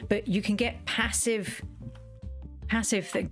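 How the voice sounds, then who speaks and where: A woman's voice: medium pitch, slow, pauses often, faint music behind. A woman chatting casually while streaming a game, rambling and self-interrupting with playful asides. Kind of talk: casual gameplay chat.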